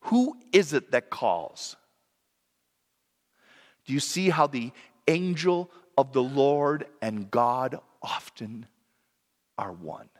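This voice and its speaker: A man's voice: mid-range voice, lively intonation, slow, pauses often, in a large hall. A man preaching a sermon in an earnest, reflective way, sometimes correcting himself mid-sentence.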